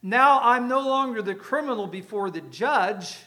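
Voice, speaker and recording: A man with a high, bright voice preaches to his congregation in a church. He explains his points with emphasis and throws rhetorical questions to the room, sometimes stumbling over a repeated word as he restarts a phrase. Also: lively intonation, moderate pace. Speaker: pastor. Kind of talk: sermon.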